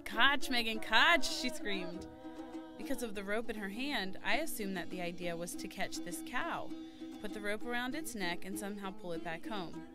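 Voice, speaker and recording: A young woman tells a personal story in an earnest, scripted manner. Her voice sits in a middle pitch for a woman. Music plays clearly under her narration. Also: a little fast. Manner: earnest storytelling, shouting the quoted cries. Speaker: former volunteer telling a story. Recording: narration over loud music.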